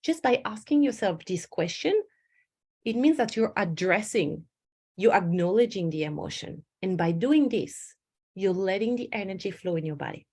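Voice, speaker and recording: Middle-aged woman coach, lively storytelling webinar delivery. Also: mid-range voice, moderate pace, husky. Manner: animated storytelling with acted inner voices. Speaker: stress management coach. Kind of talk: webinar presentation.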